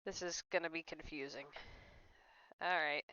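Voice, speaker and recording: A woman's voice: low voice, fairly even intonation, moderate pace, pushed and bright, no room sound, highs cut off. A woman streaming a mystery game, chatting, giggling and reading instructions aloud. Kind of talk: let's play commentary.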